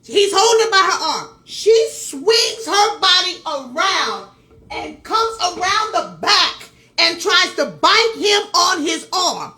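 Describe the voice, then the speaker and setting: A woman vlogger's extremely high, sharp voice swings widely in pitch as she speaks slowly. Telling a story in casual commentary, she's emphatic, repeats herself, and talks right to her viewers with asides.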